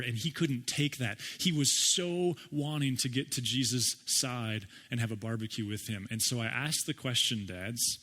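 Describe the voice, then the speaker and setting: A man's voice: medium pitch, fairly bright tone. A man preaching a sermon as pastor, in a conversational way, often asking his listeners rhetorical questions.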